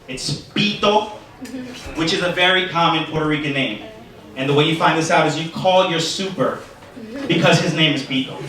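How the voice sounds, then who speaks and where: A man from Brooklyn with a New York accent doing loose, profane stand-up comedy. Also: fairly high pitch. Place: comedy club stage. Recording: echoey club, distant mic, noisy.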